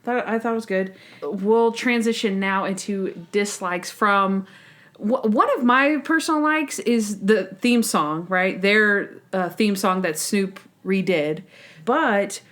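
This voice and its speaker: A woman co-hosting a podcast in casual chat, telling a TV episode in an animated way and laughing often. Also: medium pitch, slow. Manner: chatty, laughs often, retells scenes animatedly. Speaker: podcast co-host.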